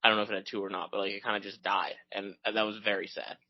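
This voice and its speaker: A man's voice: on the low side, flat delivery, racing, no room sound. A young man co-hosting a podcast, chatting casually in a rambling way full of tangents and fillers. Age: young adult. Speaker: podcast co-host. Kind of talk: casual chat. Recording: dull dry lo-fi audio.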